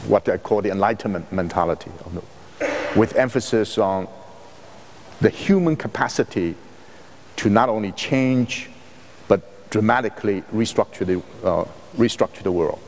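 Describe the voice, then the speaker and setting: A man with Chinese as his first language delivers a university lecture at a measured, halting pace, stopping to rephrase his points. His voice sits fairly low. The recording carries the long reverb of a lecture hall. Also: lively intonation, slight background noise. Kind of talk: academic lecture.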